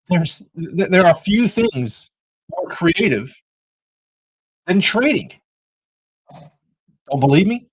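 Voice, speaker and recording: A man's voice: high voice, poor audio. A man hosting a livestreamed Bible study podcast, talking in an earnest, preacherly way with jokey asides. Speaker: podcast host.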